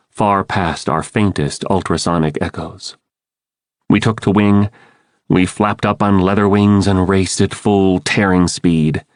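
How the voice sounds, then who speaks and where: A man's voice: deep voice, no echo. A man giving urgent, dramatic first-person audiobook narration into a close studio mic.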